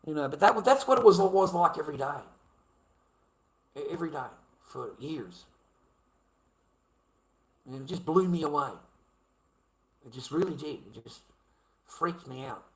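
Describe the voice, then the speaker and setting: A man's voice: a little high, expressive, a little slow, pauses often, rough recording. An Australian man talking to camera in a rambling, repetitive monologue, swearing heavily. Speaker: vlogger.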